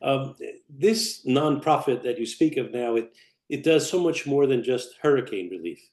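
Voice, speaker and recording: A man interviewing a guest, asking gentle, reflective questions with religious phrasing. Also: medium pitch, lively intonation, normal speed. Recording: roomy echo.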